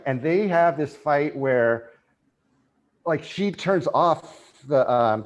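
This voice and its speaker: Male podcast guest, mid-range voice, animated and emotional, gushing in casual chat. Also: medium pitch. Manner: emotional, excited fan, animated retelling.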